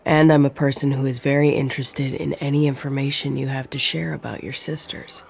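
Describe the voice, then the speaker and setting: A narrator doing a smooth scheming man. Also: medium pitch, steady tone, fairly quick, soft background music. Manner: smooth and persuasive. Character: smooth scheming man making a phone offer.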